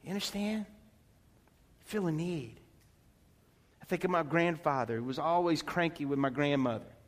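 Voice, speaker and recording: A high-voiced male pastor preaches a sermon at a moderate pace in a church sanctuary, emphatically putting rhetorical questions to the congregation. The church hall gives the recording a long reverb.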